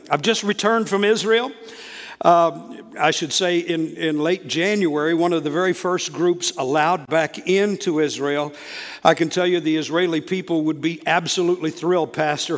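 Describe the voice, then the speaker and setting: Man, faint southern accent, guest preacher, fairly high voice, church hall reverb. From American South. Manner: warm, exclamatory, frequent restarts. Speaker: guest preacher, state coordinator. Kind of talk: church sermon. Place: church sanctuary.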